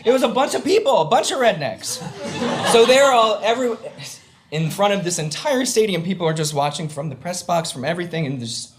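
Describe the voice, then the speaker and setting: A man's voice: high voice, expressive, brisk. A young man telling a personal story on stage before an audience, rambling with lots of fillers and poking fun at himself. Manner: rambling, filler-heavy, self-mocking humor.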